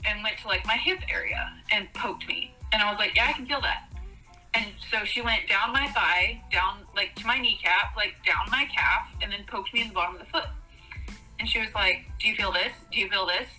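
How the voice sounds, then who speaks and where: Bright, animated woman telling a story. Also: moderate pace, faint music behind, rough recording. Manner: animated, acts out quoted voices with big pitch jumps, laughs often. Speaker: podcast co-host telling her birth story. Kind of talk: casual comedic storytelling.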